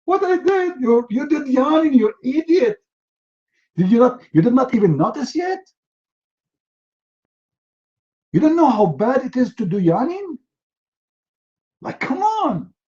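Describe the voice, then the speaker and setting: A man's voice: extremely high pitch, very animated, measured pace, long pauses, a little mellow, dull audio, pitched above the performer's own voice, heavily acted. A man voicing a furious male court judge who berates and mocks the accused. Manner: berating, mocking, outraged.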